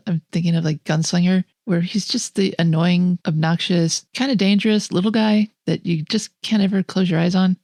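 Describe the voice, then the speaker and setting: Low mellow-voiced woman podcaster. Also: no room sound, clean studio sound. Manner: enthusiastic, opinionated, laughs often. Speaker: podcast co-host. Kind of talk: casual film review chat.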